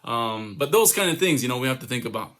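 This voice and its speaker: A man who is a comedian, giving a motivational talk to young people over a video call, telling stories with lively acted-out quotes. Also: medium pitch, fast. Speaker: comedian and youth speaker. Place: home, online summit.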